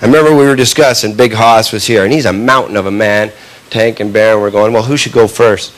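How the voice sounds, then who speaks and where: A man doing stand-up comedy, telling a long story in a punchy, animated way and often tagging lines with a quick question. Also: on the low side. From Canada. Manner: animated, punchy delivery with frequent tag questions. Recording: live recording with audible background noise.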